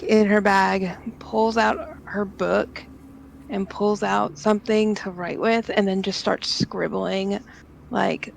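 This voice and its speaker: Woman playing a tabletop game, super fry-heavy voice, says like a lot. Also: medium pitch, a little hiss or hum, low-quality recording. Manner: casual, with fillers like "kinda" and "like". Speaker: player. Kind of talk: tabletop role-play, describing her character's actions.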